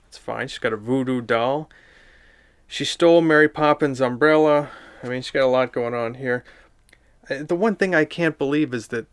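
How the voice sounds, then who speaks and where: A man doing a deadpan comedic review of a picture book, with dry, sardonic, rambling asides. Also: medium pitch, clear, resonant tone, dry recording.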